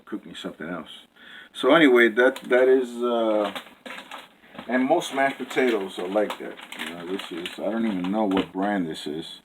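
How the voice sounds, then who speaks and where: A man with a fairly low voice rambles through a casual home cooking video, piling up "you know" and restarting his sentences. He sounds amused at his own jokes. A faint hiss and clicks sit under the camera-mic recording. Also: fairly bright tone, rough recording. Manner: rambling, many fillers and restarts; jokey, self-amused.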